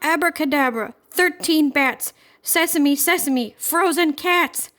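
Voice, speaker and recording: A woman voicing a little girl witch with a shrill, earnest voice in a storybook reading. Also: lively intonation, normal speed, darkish tone, lightly acted. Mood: chanting. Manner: shrill, chanting spells.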